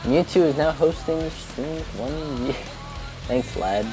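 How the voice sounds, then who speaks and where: A man's voice: a little high, expressive, slow pace, over loud music. A man streaming a game live, chatting and joking crudely with friends on voice chat. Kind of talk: casual gaming banter on live stream.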